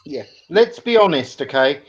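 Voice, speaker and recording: British male podcast host, slightly higher voice, opinionated, lo-fi sound. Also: sing-song, moderate pace. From Britain. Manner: opinionated, argumentative. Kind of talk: casual banter. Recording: dull lo-fi audio.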